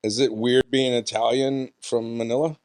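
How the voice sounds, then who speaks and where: A man's voice: medium pitch, little pitch movement, moderate pace, a little mellow, dry recording. A man hosting a podcast, chatting casually and teasing his guest with dry jokes. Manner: joking, teasing. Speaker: podcast host. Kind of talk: casual interview chat.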